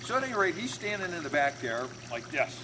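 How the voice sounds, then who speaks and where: A man's voice: a little high, very animated, fairly quick. Man telling a story over water noise. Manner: casual, anecdotal, acts out the people in the story. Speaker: automotive recruiter and trainer. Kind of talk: storytelling talk to camera.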